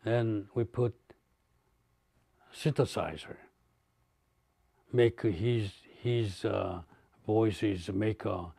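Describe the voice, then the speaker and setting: A man recalling a recording session in an interview, speaking haltingly with many fillers and restarts. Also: on the low side, vocal fry, warm tone, husky, dry recording. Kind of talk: interview recollection.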